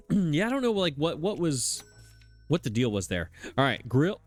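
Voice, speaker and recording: Jokey man with a lively, bouncing voice. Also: a little high, a little slow, soft background music. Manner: jokey, self-deprecating, laughs often. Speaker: let's play host. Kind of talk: casual gameplay commentary.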